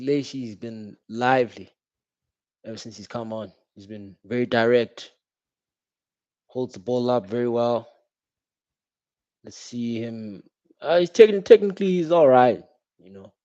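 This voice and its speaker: A young man giving casual, slangy live reaction commentary while watching a football match, calling out the referee loudly. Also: medium pitch, no echo. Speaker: football watch-along streamer. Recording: dull, dry home stream audio.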